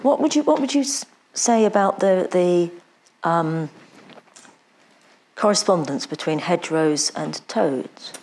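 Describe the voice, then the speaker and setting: Low-voiced woman questioning a student. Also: measured pace, darkish tone, slight background noise. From England. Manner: hesitant, repeats words, asks probing questions. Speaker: interviewer, English tutor. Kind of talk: mock admissions interview.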